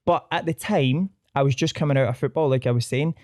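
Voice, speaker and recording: Glaswegian man, young, podcast host, rapid casual chat, dry close sound. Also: mid-range voice, no echo. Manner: animated storyteller, broad slang, loud mock voices in quotes.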